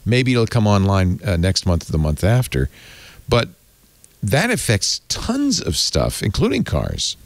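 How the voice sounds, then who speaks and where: A man hosting a tech podcast, chatting casually and reading an ad in a rambling, animated way. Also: on the low side, a little slow, vocal fry, no room sound. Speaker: podcast host. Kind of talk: casual tech podcast chat and live ad read.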